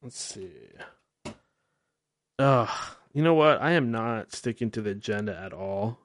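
A man's voice: fairly low pitch, expressive, unhurried. A man hosting a radio-style podcast, talking in a rambling, candid, self-mocking way and swearing freely. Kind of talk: casual solo talk-show monologue.

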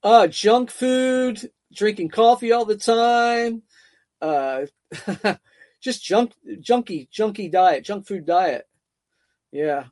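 Interview guest, middle-aged man, higher voice, loose rambling delivery, close dry sound. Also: takes it slowly, darkish tone, no room sound. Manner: rambling, repeats words, frequent fillers. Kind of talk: casual interview storytelling.

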